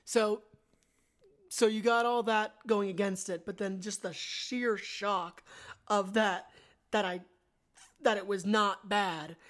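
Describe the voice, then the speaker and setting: A woman co-hosting a casual movie review podcast, joking and quick to interject. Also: medium pitch, fairly even intonation. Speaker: podcast co-host.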